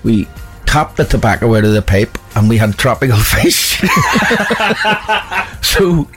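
A man's voice: lowish voice, lively intonation, a little slow, faint music behind. A middle-aged man, a guest on a radio show, telling a funny story and chuckling as he goes. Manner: chuckling raconteur. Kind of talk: casual anecdote.

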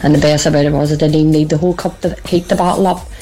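Older woman, very low voice, wry storyteller, faint music behind. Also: fairly even intonation, rapid-fire, mellow. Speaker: caller. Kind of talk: voice note to radio.

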